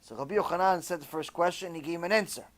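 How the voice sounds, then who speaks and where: A man giving an animated, conversational sermon, telling a story and sprinkling in Hebrew terms. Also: fairly high pitch, very fast. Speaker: religious teacher.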